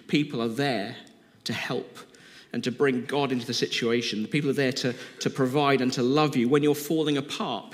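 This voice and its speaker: A man preaches with earnest, heartfelt conviction. His voice sits in an ordinary middle pitch. It rings with the long reverb of a big hall. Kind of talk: sermon.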